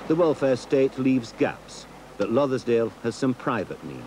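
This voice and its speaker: Man, documentary narrator, scripted delivery, lively pitch, faint background hiss. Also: moderate pace.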